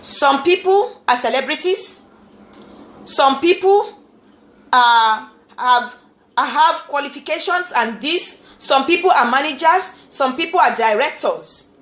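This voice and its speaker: A woman from Nigeria with a Nigerian accent, talking in an animated vlog monologue and often repeating words. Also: sits high, slow pace, roomy sound. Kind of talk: casual monologue.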